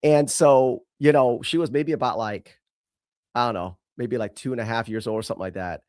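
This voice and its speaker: A man's voice: medium pitch, fairly quick, a little mellow, no room sound, studio quality. A man hosting an opinionated commentary show, talking bluntly and emphatically and swearing freely. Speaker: show host.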